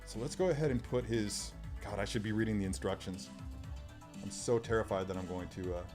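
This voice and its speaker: Brisk and on the low side, this man's voice carries a chatty, self-deprecating live stream as he unboxes things, thinks out loud and replies to comments from viewers, with faint sci-fi music underneath.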